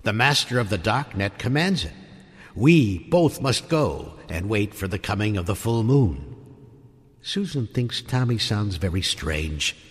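A man narrating a spooky story in a theatrical style that swells toward shouting at the climax. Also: fairly low pitch, big pitch swings, a little slow, breathy edge. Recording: reverberant hall with music beneath.

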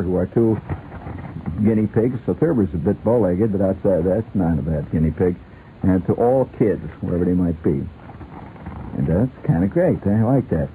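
A male radio host in a rambling, playful comic talk, laughing often, on a tinny lo-fi radio recording. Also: fairly low pitch. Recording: tinny lo-fi radio with faint hiss.

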